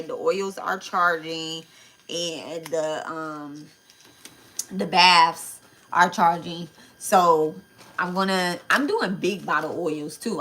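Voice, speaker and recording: A young adult woman talks through a live tarot stream in a loose, chatty way. Her voice sits a little low for a woman but has a bright, forceful edge. She keeps circling back and speaking directly to her viewers. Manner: chatty, repeats herself, talks straight to viewers. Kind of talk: casual live-stream chat.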